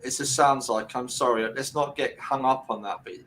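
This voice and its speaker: A man working as a medium on a video call, talking in halting, self-correcting bursts and often checking whether his words make sense. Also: medium pitch, fairly even intonation, fairly bright tone, a little hiss or hum, low-quality recording. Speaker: medium giving a reading. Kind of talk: spiritual reading on a group video call.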